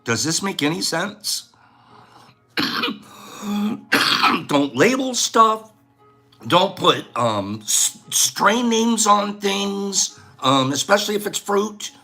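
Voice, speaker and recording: A man's voice: sits high, very animated, extremely slow, pauses often, sharp tone, soft background music. A man hosting a casual vlog, rambling and lecturing as he talks. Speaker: host.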